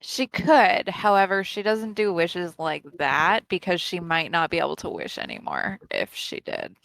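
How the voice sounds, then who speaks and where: Woman, blunt tabletop player, lively up-and-down pitch, dry sound. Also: measured pace, creaky, no room sound, low-quality recording. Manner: matter-of-fact, blunt replies. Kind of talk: casual in-character game chat.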